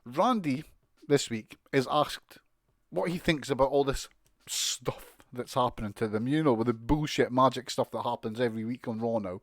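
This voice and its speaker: A man's voice: mid-range voice, normal speed, dry recording, studio quality. A man with a British accent giving a casual, sweary, mocking recap of a wrestling show. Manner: sweary, mocking, exasperated ranting with laughs.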